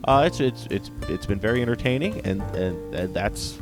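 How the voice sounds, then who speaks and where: A man with a lowish voice rambles through a casual anime review, full of fillers, restarts and tag questions. He laughs often and perks up when something amuses him. Soft plucked guitar music plays faintly underneath. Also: animated, moderate pace. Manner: rambling, many restarts and fillers, frequent "right?".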